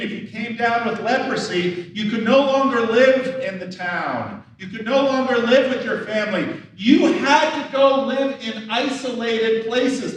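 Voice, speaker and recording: A man's voice: high voice, a little hiss or hum. A man preaching a sermon as pastor, talking conversationally and acting out the questions and lines of the people in his story. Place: church sanctuary. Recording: roomy church hall from a distance.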